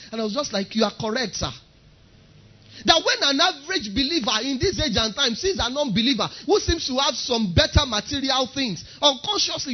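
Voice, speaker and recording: A man's voice: extremely high pitch, highs cut off. A man preaching a sermon, emphatic and driving his points home by repeating key phrases.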